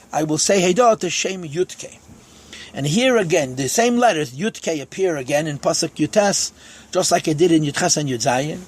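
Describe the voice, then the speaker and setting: A man with a husky, raised voice teaches a lesson on Psalm verses. He quotes each line in Hebrew and then unpacks it in English, step by step. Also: fairly high pitch. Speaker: Torah teacher.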